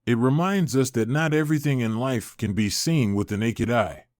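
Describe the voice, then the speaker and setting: A man narrating spiritual stories in a calm, gentle, reflective scripted reading. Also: medium pitch, moderate pace, dry recording, studio quality. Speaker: storyteller.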